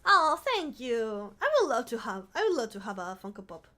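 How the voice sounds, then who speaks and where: Chatty woman streamer, fairly high voice. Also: sing-song, normal speed, bright, forceful tone. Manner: rambling storyteller, swears casually, laughs often. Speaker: vtuber streamer. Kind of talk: casual live-stream chat.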